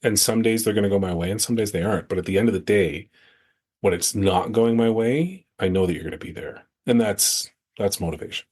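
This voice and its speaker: A middle-aged man with a husky, breathy edge to his voice, talking in a low register. He chats casually as a podcast co-host and tells stories with self-deprecating humor. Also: a little fast, darkish tone. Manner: chatty storyteller, self-deprecating. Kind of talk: casual chat.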